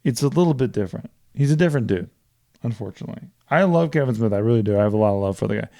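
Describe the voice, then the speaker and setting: A man telling movie stories in a casual podcast chat, profane and animated as he recaps plots. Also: fairly low pitch, rapid-fire, creaky, no echo, clean studio sound. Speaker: podcast co-host.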